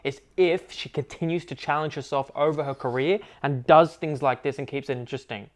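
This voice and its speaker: A man's voice: a little high, a little fast. A young man co-hosting a music reaction review, talking thoughtfully and analytically about the songs. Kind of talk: casual review chat.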